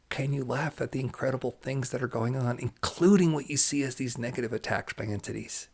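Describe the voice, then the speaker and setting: A man giving an animated, emphatic channeled spiritual talk, now and then dropping to hushed asides. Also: medium pitch, brisk, creaky, hardly any pauses, breathy edge.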